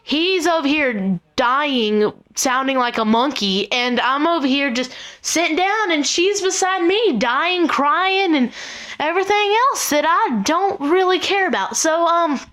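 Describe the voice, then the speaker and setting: Teenage girl vlogger, high voice, rambling exasperated storyteller with lots of "like" and "um". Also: expressive, measured pace, a bit bright. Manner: rambling, exasperated retelling full of "like" and "um". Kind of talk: casual storytelling.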